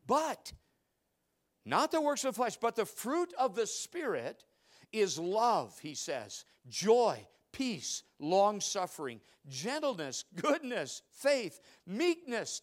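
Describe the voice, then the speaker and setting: A middle-aged man preaching a sermon, telling stories with loud outbursts and hushed asides. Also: high voice. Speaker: pastor.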